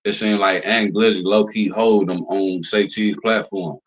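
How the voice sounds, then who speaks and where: A man's voice: steady tone, unhurried, fairly bright tone. A man hosting a commentary channel, talking bluntly and loosely with lots of fillers and profanity. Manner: acts out quotes in a higher voice. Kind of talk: casual commentary rant. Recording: slightly dull lo-fi recording.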